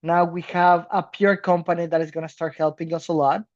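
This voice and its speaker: A man from South America co-hosting a podcast in casual chat, animated and laughing, swearing casually. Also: on the high side, brisk, muffled recording. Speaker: podcast co-host.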